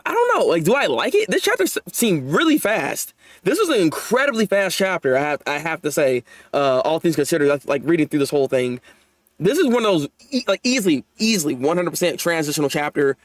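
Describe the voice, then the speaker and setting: Lively, high-pitched young man reacting. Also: brisk, no room sound. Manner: animated, laughing often, talking to his viewers. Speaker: manga reaction host. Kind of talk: live manga chapter reaction.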